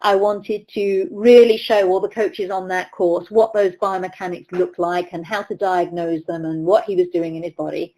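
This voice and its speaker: A woman's voice: fairly low pitch, fairly even intonation, moderate pace, hardly any pauses, dark tone, rough recording. A middle-aged woman from the UK, a riding coach giving a webinar lecture, telling anecdotes and acting out the voices of people she quotes. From United Kingdom. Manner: storytelling, acts out quoted voices.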